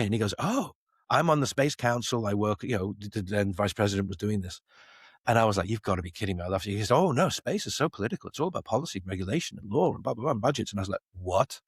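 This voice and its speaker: Animated storyteller man, fast and low. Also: husky, no echo, clean studio sound. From Isle of Man. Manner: animated storyteller, acts out quoted dialogue. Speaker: guest, space company CEO. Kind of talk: podcast interview.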